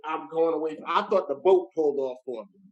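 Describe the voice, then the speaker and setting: A middle-aged man from New Jersey tells a story in a relaxed podcast chat. He talks with lively slang in a slightly raised voice. He speaks as a guest comedian. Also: fairly high pitch, a little fast, highs cut off. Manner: animated storyteller, street slang.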